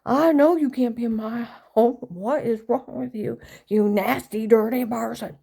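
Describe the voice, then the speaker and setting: A woman voicing her very old, devout, hot-headed mother, who yells and scolds and calls on the Lord. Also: steady tone, unhurried, gravelly, slightly rough, full character voice. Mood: outraged. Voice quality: loud, screaming, shrill. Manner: preachy, scolding, calling on the Lord.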